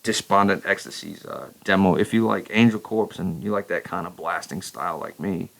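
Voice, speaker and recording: Male vlogger with a low, gravelly voice, profane and rambling. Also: moderate pace, fairly bright tone, low-quality recording. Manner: profane, rambling, enthusiastic, many restarts. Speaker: metal vlogger and vocalist. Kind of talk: casual record review chat.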